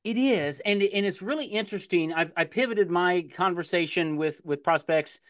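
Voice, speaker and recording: A middle-aged man hosting a sales podcast interview in a casual, excitable way, often repeating words as he gets going. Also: high voice, moderate pace, dry recording, clean studio sound. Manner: animated, laughs easily, repeats words when excited. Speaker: podcast host.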